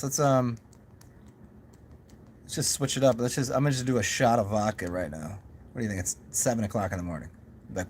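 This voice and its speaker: A man's voice: medium pitch, a little fast, long pauses, darkish tone, a little hiss or hum. A young man talking in a casual, rambling monologue to his camera, musing aloud with many restarts and asides. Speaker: vlogger.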